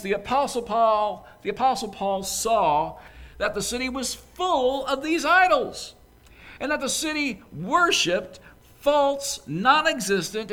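A man preaching a sermon in a church, conversational and animated, with frequent asides to the congregation. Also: extremely high pitch. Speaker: pastor.

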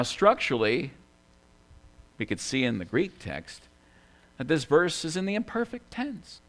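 A man preaching a sermon, swinging between hushed, quiet lines and loud, emphatic ones, repeating key phrases for emphasis. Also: sits high. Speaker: pastor.

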